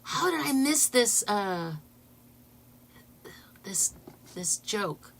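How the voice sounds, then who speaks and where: Woman host, casual livestream chat, excitable and giggly, bright tone. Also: mid-range voice, drawn-out words, slight background noise. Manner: excitable, laughing, talks to viewers. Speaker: channel host.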